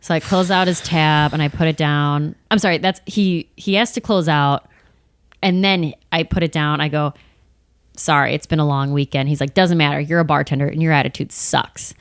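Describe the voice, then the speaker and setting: A woman in her thirties chatting on a podcast, telling work stories in a lively way and acting out the people in them. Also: low voice, moderate pace, clear, resonant tone, no echo, studio quality. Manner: animated storytelling, acts out bar customers and managers. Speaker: comedian guest. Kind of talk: casual podcast chat.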